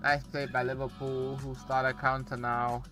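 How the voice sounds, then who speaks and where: A young man commentating a football video game on a borrowed microphone, with excitable play-by-play and rambling asides. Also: mid-range voice, normal speed, music in the background. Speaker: gaming YouTuber. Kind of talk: casual gameplay commentary. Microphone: borrowed cheap microphone.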